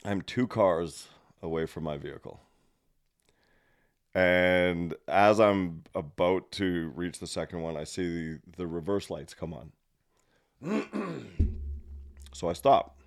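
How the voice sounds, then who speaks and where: A man's voice: low voice, lively intonation, slow pace, pauses often. A man co-hosting a podcast, chiming in with short dry remarks and telling an everyday anecdote. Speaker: podcast co-host. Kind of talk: casual banter, anecdote.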